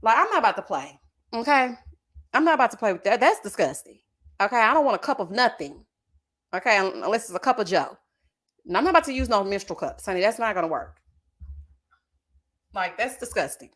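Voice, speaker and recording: A young adult woman hosting a casual reaction chat, reading viewer comments in a sassy, animated way and drawing out "child" and "honey". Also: medium pitch, fairly quick, pauses often.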